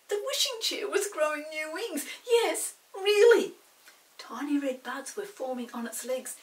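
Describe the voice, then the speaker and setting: Older woman, storybook reader, expressive, bright, lively pitch, distant mic. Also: unhurried. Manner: animated, expressive reading. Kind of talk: reading a children's book aloud.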